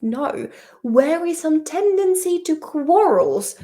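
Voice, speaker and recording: A woman's voice: a little high, slow, creaky. A woman teaching vocabulary in a casual, playful study-along lesson, chatting and swearing at the dictionary as she goes.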